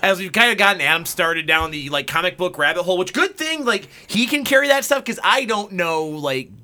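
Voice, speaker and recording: A man's voice: high voice, animated, fairly quick, sharp tone, a little hiss or hum. A man co-hosting a casual radio chat, trading dry, teasing remarks. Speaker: radio co-host.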